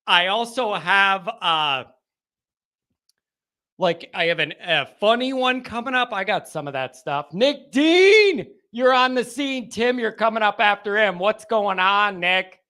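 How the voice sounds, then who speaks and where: A high-voiced man hosts a live football call-in show. His voice is very bright and cutting. He chats easily with callers but tips quickly into excited, shouted rants.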